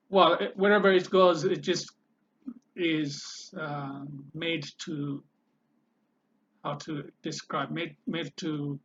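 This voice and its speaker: Man teaching a language lesson, super slow, repeats words again and again, bit muffled recording. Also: fairly high pitch, a bit bright, a little hiss or hum. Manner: slow, repeats each word several times, thinks aloud with fillers. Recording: slightly dull, lo-fi sound.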